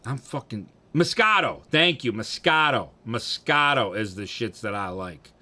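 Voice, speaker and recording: A young man drinking on a livestream, chatting casually with viewers in a profane, rambling way that swings between loud bursts and mumbling. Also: on the low side, lively intonation, normal speed.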